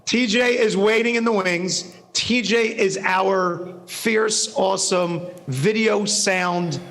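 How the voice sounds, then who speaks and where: High-voiced man telling a joking story. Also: slow, a bit bright. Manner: rambling, self-mocking, laughs often. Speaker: guest speaker. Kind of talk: humorous storytelling talk. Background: faint music.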